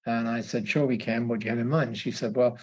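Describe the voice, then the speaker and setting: A man, a podcast guest, telling stories in a halting conversational way, repeating words and laughing often. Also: medium pitch, fairly even intonation, a little mellow, slightly rough. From Australia. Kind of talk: casual conversational storytelling.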